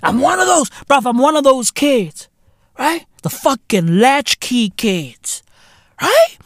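A man's voice: very high-pitched, slow pace, no echo, clean studio sound. A man hosting a podcast, delivering a profane, heavily slangy ranting monologue. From South Africa. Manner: profane, animated, heavy slang fillers. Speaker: podcast host.

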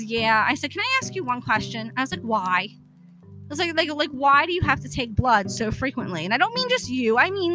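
A woman hosting her own show, telling a personal story in a blunt, profane way and acting out the dialogue. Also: fairly high pitch. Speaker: podcast host. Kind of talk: casual storytelling monologue.

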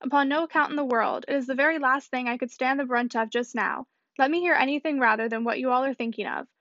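A woman's voice: high voice, fast, fairly bright tone, dry recording. Emma, an arch young lady, read by a woman. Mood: playful. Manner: arch, playful. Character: witty self-assured young lady. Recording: dull dry audiobook recording.

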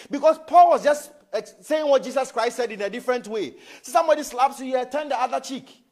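High, animated preacher man in church. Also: a little fast. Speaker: pastor. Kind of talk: sermon.

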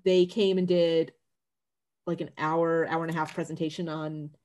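A woman's voice: sits low, moderate pace. A woman from northern Connecticut with a slight Worcester-like Massachusetts accent, telling stories casually with many fillers as a podcast co-host. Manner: relaxed storytelling, many "like"s. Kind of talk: casual chat.

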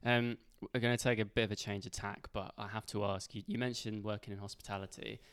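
A man's voice: on the low side, flat delivery, fast talker, fairly bright tone, clear, resonant tone. A male podcast host in casual chat, encouraging and chatty, speaking in a backstage green room.

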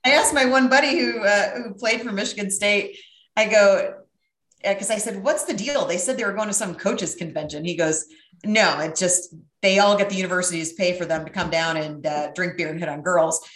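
A middle-aged woman telling a brash, profane, animated story in casual chat. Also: medium pitch, moderate pace, roomy sound.

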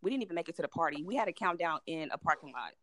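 A woman's voice: sits low, animated, racing, dry recording. A young woman co-hosting a podcast, telling a story bluntly and swearing casually. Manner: blunt, swears, loud in quoted lines. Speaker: podcast co-host.

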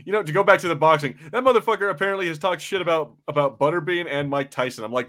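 A man's voice: a little high, animated, fast talker, few pauses, a bit bright. A man hosting a casual podcast chat, blunt and profane, laughing often.

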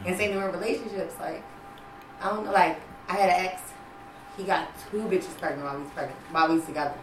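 A woman's voice: on the low side, fairly even intonation, fast, music in the background. A woman chatting casually, telling blunt stories in a nonchalant way. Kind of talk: casual chat. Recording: roomy, distant mic, faint background noise.

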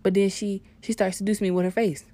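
A young woman delivering a profane comedic rant, swinging between hushed asides and loud outbursts. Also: medium pitch, level tone, fast talker. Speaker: vlogger.

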